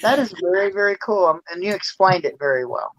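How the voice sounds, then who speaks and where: A man's voice: high-pitched, lively intonation, brisk, a crowd in the background. A man hosting a casual video call interview, curious and asking questions, talking into his phone. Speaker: host. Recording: dull lo-fi phone audio.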